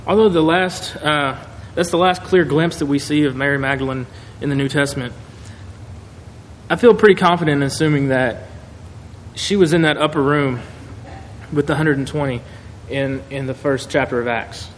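A man preaching a sermon in a conversational, animated way, acting out quotes. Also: a little high, moderate pace. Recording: echoey hall, faint noise.

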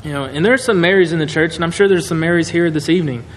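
Casual preacher guy, bit high voice, chatty animated sermon, echoey hall. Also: very fast. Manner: conversational and animated, with acted-out quotes. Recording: echoey hall, faint noise.

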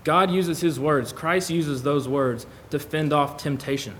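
A man's voice: on the high side, steady tone, a little slow, slight background noise. A man preaching a sermon in church, talking casually with the congregation and reading scripture aloud. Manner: conversational, reads scripture aloud.

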